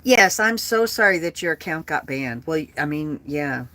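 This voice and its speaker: A woman's voice: sits low, expressive, moderate pace, sharp tone. A woman in her late fifties chatting bluntly and profanely with livestream viewers. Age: 50s. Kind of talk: casual livestream chat.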